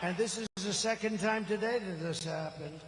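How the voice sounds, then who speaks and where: A man's voice: high voice, moderate pace, big-room sound, a little hiss or hum, poor audio. Older man rambling at a rally. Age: 70s. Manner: rambling, off-the-cuff, boastful. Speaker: political candidate. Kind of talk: campaign rally speech. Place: large rally venue. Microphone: stage microphone.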